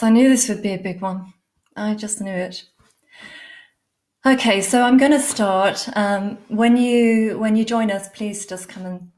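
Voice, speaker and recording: An English woman hosting a live stream, greeting viewers by name with effusive endearments and frequent ums. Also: mid-range voice. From England. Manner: warm, effusive, calls viewers darling and lovely; many fillers, unhurried. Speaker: livestream host, animal communicator. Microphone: laptop mic on a live stream.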